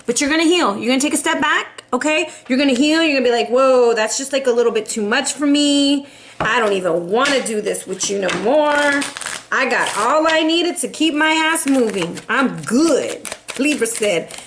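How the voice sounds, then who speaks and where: Young woman, high voice, tarot reader, sassy and playful, laughs a lot. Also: brisk, a bit bright, a little hiss or hum. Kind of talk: casual tarot reading.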